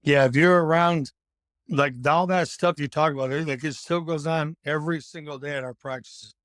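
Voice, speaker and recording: A man's voice: on the high side, steady tone, moderate pace, fairly bright tone, no room sound. A man hosting a podcast, putting loose, rambling questions to his guest about coaching. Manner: loose, filler-heavy questioning. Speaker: podcast host, coach trainer. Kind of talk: casual podcast interview.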